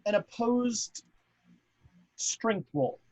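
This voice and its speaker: A man's voice: sits high, expressive, drawn-out words, a little mellow, no room sound. A man narrating a tabletop horror game as game master, rambling with many fillers.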